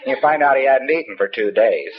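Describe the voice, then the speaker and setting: A man's voice: mid-range voice, animated, a little fast. A man giving a rambling, anecdotal lecture to trainees, folksy and wry with profane asides, heard on a dull lo-fi tape with faint hiss.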